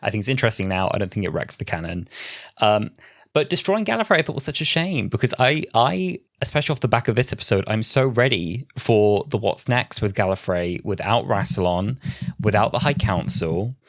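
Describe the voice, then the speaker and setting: A man's voice: on the low side, expressive, brisk, no echo, studio quality. A man in his twenties co-hosting a casual podcast chat, sharing earnest, opinionated views as he thinks aloud. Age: 20s. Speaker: podcast co-host.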